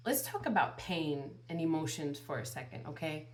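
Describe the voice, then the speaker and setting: A woman with a deep, animated voice speaks at normal speed with few pauses. As a tarot reader channeling spiritual guidance, she addresses her viewers earnestly in a monologue, firing off rhetorical questions and repeating phrases.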